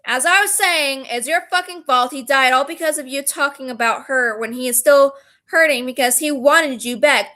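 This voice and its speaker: Woman, bright high voice, profane casual story vlog. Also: moderate pace. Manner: angry, profane, reads messages aloud. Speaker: storyteller vlogger. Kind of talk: casual storytelling, recounting a text-message fight.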